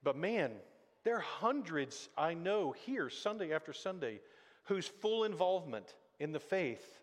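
A man's voice: a little high, big pitch swings, measured pace. A man preaching a sermon as pastor, talking in a conversational way and acting out quotes. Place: church sanctuary. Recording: church hall reverb.

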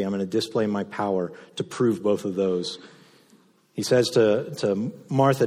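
A man pastor preaching a sermon, moving between loud impassioned passages and soft, low delivery. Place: church sanctuary. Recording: reverberant hall sound.

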